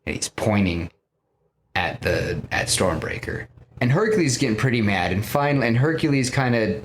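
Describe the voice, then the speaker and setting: A man hosting a podcast, casually pitching a film story in a rambling way, full of fillers. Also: very animated, moderate pace, a little hiss or hum. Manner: rambling, many fillers like "you know".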